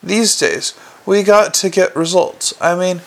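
A man's voice: sits high, a little slow, gravelly, background noise. A man voicing an aging, self-important city watch sergeant, rambling and folksy. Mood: lecturing. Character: aging male city watch sergeant, pompous, set in his ways.

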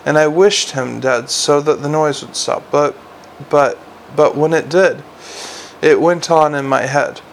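A man's voice: on the high side, steady tone, unhurried, gravelly, a little hiss or hum. Man doing a stammering, frightened dwarf. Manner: hesitant, stammering, quiet. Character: frightened young male dwarf, haunted and guilty.

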